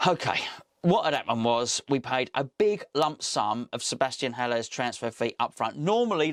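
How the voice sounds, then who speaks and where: A man's voice: mid-range voice, fairly bright tone, no room sound, studio quality. A man hosting a solo football podcast, reading out news and adding wry, sarcastic asides.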